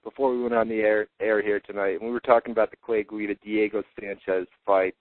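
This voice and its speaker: A man's voice: fairly low pitch, flat delivery, fast, dry recording. A man with a New York accent hosting a casual radio show, talking loosely with lots of restarts and the odd curse word. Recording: tinny phone-like web radio audio.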